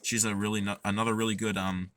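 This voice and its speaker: A man's voice: lowish voice, level tone, fast talker. A young man talking in a casual, earnest way, rambling with lots of fillers and restarts as he gives advice. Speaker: podcast host.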